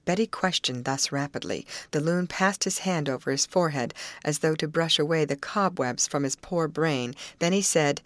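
A woman narrating a children's novel in an even, measured storytelling voice. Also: low-pitched, no echo. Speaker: audiobook narrator. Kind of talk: scripted narration.

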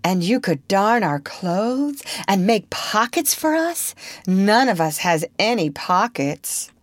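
A woman's voice: mid-range voice, animated, slow pace, no room sound. A woman voicing a cocky, cunning young boy in a storybook reading, boastful and coaxing. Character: cocky, cunning boy Peter who never grows up.

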